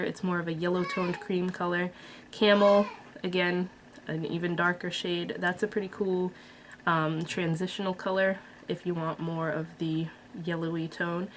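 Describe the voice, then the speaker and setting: A woman's voice: fairly low pitch, fairly bright tone, slight background noise. A woman vlogger casually reviewing a makeup palette, chatty and blunt with frequent fillers. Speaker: beauty vlogger.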